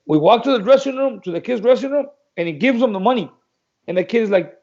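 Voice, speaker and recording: A man's voice: high-pitched, fast, dull audio. A man, a guest on a talk show, telling boxing stories casually and acting out the dialogue. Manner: animated storyteller acting out dialogue. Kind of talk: casual storytelling.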